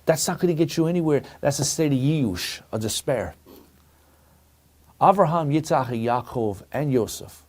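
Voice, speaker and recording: A man's voice: mid-range voice, animated, normal speed, darkish tone. A middle-aged man preaching a sermon as a rabbi, telling a story and calling his listeners friends. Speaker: rabbi teaching a weekly Torah lesson.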